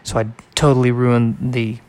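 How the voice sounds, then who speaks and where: A man's voice: medium pitch, level tone, moderate pace, noisy background. A man hosting a solo podcast, reading aloud and drifting into wry, rambling asides in a casual way. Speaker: podcast host.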